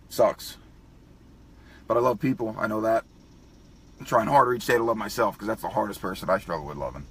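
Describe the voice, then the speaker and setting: A man's voice: on the low side, a bit bright, a little hiss or hum. A man talking emotionally in a profane vlog, crying and choked up as he speaks. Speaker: vlogger.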